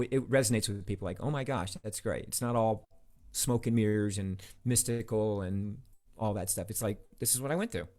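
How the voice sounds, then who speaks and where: Guy guest on a podcast, talks fast, excited, rambly storyteller. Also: lowish voice. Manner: enthusiastic, storytelling, rambling with filler words. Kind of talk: casual interview chat.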